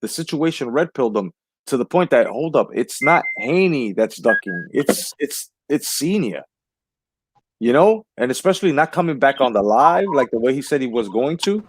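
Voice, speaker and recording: A man's voice: mid-range voice, sing-song, normal speed, husky. A man hosting a casual boxing livestream, talking in a heated, profane way and often repeating himself. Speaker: livestream host.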